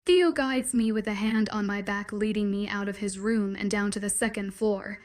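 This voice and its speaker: A woman narrating a first-person romance audiobook in a soft, intimate, dreamy storytelling manner. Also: medium pitch, steady tone, moderate pace.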